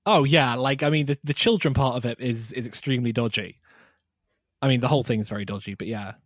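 A man co-hosting a podcast, chatting in a sarcastic, animated way. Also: medium pitch, no room sound, clean studio sound. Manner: sarcastic, animated, quick to mock. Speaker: podcast co-host. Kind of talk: casual chat.

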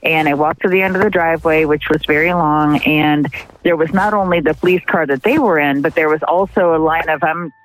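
A woman being interviewed, recalling events in a halting, emotional way with many pauses and restarts. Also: low voice, slight background noise, low-quality recording. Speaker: interviewee, partner of the accused. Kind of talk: emotional first-person recollection.

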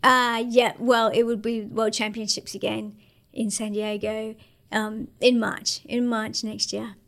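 A woman in her thirties with an Australian accent, chatting casually as an interview guest in a relaxed, slangy way with lots of fillers. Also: fairly high pitch, measured pace, gravelly. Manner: laid-back, slangy, many fillers. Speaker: interview guest, para-surfer.

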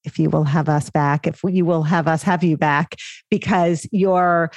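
Emphatic woman podcast host, low and dry. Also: fairly even intonation, unhurried, no echo. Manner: warm, emphatic, enthusiastic questioner. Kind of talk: podcast interview.

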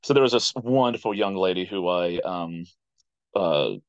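An American man in his thirties tells stories as a podcast guest. He is animated and likes to act out what other people said. His voice sits fairly low, and the recording is dry and a little dull. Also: normal speed, no room sound. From United States. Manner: animated storyteller who acts out quoted voices. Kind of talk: casual interview storytelling.

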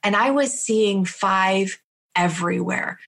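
Woman guest, mid-range voice, vivid emotional storyteller who repeats phrases and slows for weight. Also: medium pitch, gravelly, fairly bright tone. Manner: vivid, repetitive, slows down for emphasis. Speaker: interview guest.

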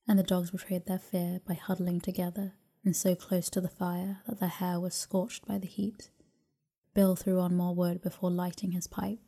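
A woman reading a classic novel aloud as a calm bedtime story, soft and unhurried, slipping into whispers at times. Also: on the low side. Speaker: narrator.

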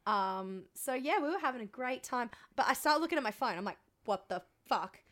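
A woman's voice: sits high, expressive, brisk, fairly bright tone. Rambling, swearing woman podcast co-host. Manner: rambling, frequent ums, swearing, self-mocking. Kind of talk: casual storytelling chat.

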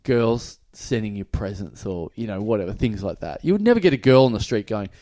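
Lively man, bantering. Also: fairly low pitch, fairly quick. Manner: laughing, self-deprecating banter. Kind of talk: casual podcast chat.

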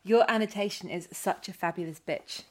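A woman with a mid-range voice hosts a relaxed conversation about books. She asks curious questions and sounds admiring as she looks through her guest's shelf. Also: medium pitch, a little fast. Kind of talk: casual interview chat.

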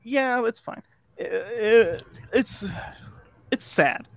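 A podcast co-host with a very high, creaky voice speaks very slowly, casually retelling a film's plot. He rambles with lots of "like" and restarts, acting out quoted lines; the recording has no echo.

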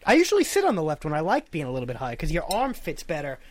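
A man's voice: on the high side, huge pitch swings, fast, a little hiss or hum. A young man from the United States in casual chat, playful and laughing as he explains himself. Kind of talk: casual podcast banter.

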